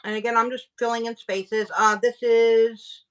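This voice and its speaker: A woman teaching tie-dye on a livestream, explaining each step in a steady way with small fillers. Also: a little high, normal speed, clear, resonant tone. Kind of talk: livestream craft demo chat.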